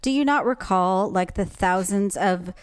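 A middle-aged woman co-hosting a podcast in casual chat, wry and teasing with quick comebacks. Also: medium pitch, clear, resonant tone, no room sound, studio quality. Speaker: podcast co-host.

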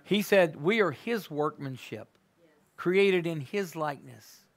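A man preaching a sermon and praying in a church, swinging between hushed words and loud fervent exclamations. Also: a little high, lively intonation, slow. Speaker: guest preacher. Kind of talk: sermon and closing prayer. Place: church sanctuary.

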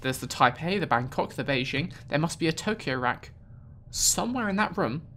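A man's voice: fairly high pitch, expressive, normal speed, a bit bright, slight background noise. A British man commentating a video game, sarcastic and exasperated as he talks back at the game. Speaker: gaming video host. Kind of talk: casual gameplay commentary.

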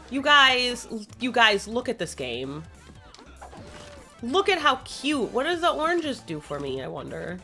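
A woman's voice: a little high, very animated, measured pace, bright, forceful tone, faint music behind. A young woman playing a video game and commenting casually, bubbly, gushing and self-deprecating. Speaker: gaming streamer. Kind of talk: casual let's-play commentary.

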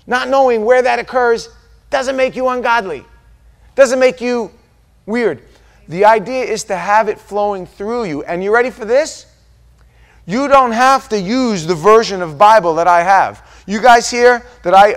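A high-pitched American man delivers a sermon with lively energy. He acts out quoted voices and sometimes falls to a low, quiet aside before climbing back up. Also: moderate pace. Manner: animated preaching with quoted voices and sudden soft drops. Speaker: pastor.

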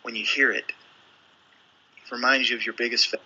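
Bright, husky male preacher. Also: medium pitch, little pitch movement, a little fast, lo-fi sound. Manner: storytelling preacher, acts out quotes. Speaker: pastor. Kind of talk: sermon.

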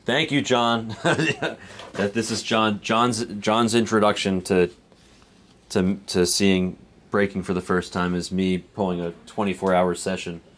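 A man with a deep, low voice talks in a loose, rambling way as he opens packs on a live stream, reading out names and chuckling to himself. There is a faint hiss of background noise under him. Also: steady tone, measured pace, a bit bright. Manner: rambling, laid-back, chuckles between remarks, reads card names aloud. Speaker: card break host. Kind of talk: casual live-stream chat while opening cards.

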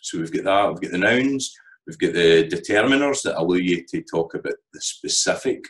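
Deep-voiced Scottish man explaining grammar. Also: normal speed, low-quality recording. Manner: relaxed, rambling, many fillers and restarts. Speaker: language teacher. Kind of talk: recorded lecture over slides.

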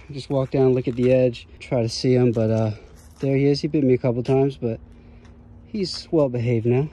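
A young man with a casual, excited manner narrates an outdoor reptile-spotting vlog in a park, often talking softly to the animals. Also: medium pitch, rough recording. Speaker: reptile vlogger. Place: outdoors in a state park and an alligator farm. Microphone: camera-mounted shotgun mic. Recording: outdoor recording with clear background noise.

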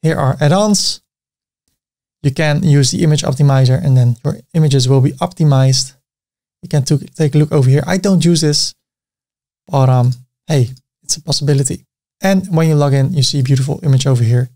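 A man with a Dutch accent, a native Dutch speaker, hosting a screen-recorded software tutorial, narrating each click step by step with casual asides. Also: on the high side, brisk. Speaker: tutorial host.

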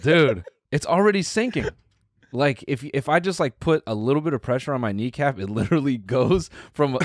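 A man co-hosting a podcast and telling stories in slang, swearing freely. His voice sits at an ordinary middle pitch. The sound is dry and close. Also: expressive, brisk, no echo. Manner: slangy storyteller, profane. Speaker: podcast co-host. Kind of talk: casual chat.

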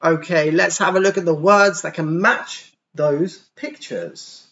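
A man teaching English to young children online, explaining words patiently and sounding them out slowly and clearly. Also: on the high side, steady tone, fairly bright tone, highs cut off. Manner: patient, slow, over-articulated pronunciation demos. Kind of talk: online class for kids.

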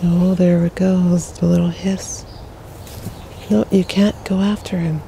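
A woman's voice: fairly low pitch, flat delivery, a little slow, vocal fry, warm tone, a little hiss or hum. A woman vlogging while walking her cat outdoors on a neighborhood street, chatting casually and cooing at the animals. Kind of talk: casual chat.

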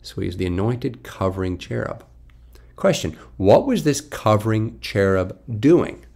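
A man's voice: fairly low pitch, animated, a little slow, vocal fry, darkish tone. A man teaching from the Bible, reading scripture aloud and then explaining it with emphatic questions. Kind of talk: Bible study commentary.

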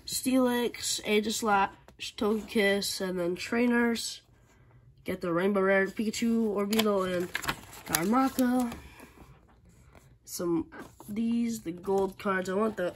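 A woman talks slowly and unhurriedly in a casual unboxing chat, working through a list of items one at a time. She has the hiccups, and her pitch sits in a middling range. Faint TV sound and crinkling packaging drift in from elsewhere in the house. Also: slight background noise. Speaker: channel host. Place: at home, indoors.

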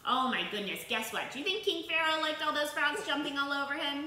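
A woman teaching toddlers, telling a story through song in a sing-song, animated way and coaxing the children to join in. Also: high voice, a little fast, hardly any pauses. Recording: echoey room with faint noise.

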